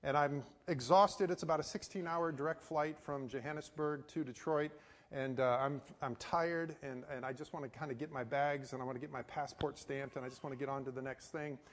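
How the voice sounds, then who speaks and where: A man's voice: fairly high pitch, fairly even intonation, a little fast. A middle-aged American man, a missionary pastor, preaching a sermon and telling a personal story in a folksy way with many fillers. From United States. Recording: hall reverb.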